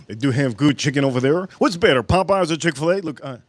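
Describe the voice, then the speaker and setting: A man's voice: a little high, animated, fast, dry recording. A man hosting a live cooking and whiskey stream, rambling and joking off on tangents while thanking viewers and reading their messages aloud. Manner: rambling, jokey, goes off on tangents. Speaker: livestream host of a cooking and whiskey channel.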